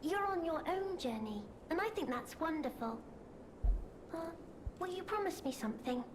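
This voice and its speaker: A woman voicing a gentle, wistful young girl in a video game, speaking softly and reassuringly. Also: very high-pitched, lively intonation, normal speed, noisy background. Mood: tender. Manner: soft, tender and reassuring.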